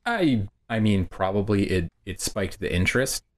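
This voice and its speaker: Low-voiced, dry-spoken man reviewer. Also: lively intonation, moderate pace. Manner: dry, matter-of-fact, blunt opinions. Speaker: game reviewer and podcast co-host. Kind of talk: casual chat.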